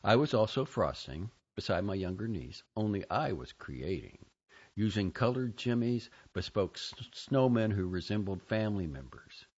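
A man reading a first-person story aloud, expressive and shifting between quiet and louder lines. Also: lowish voice, moderate pace, husky, lo-fi sound. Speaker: audiobook narrator. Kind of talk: scripted first-person narration.

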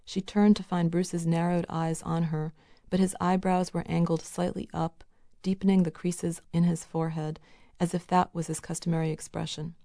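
A woman narrating a novel in a measured, even reading. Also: lowish voice, dry recording, clean studio sound. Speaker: audiobook narrator.

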